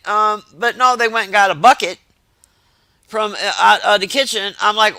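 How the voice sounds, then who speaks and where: A man telling profane, exasperated stories to his stream chat in a casual, animated rant. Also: sits high, measured pace, dry recording.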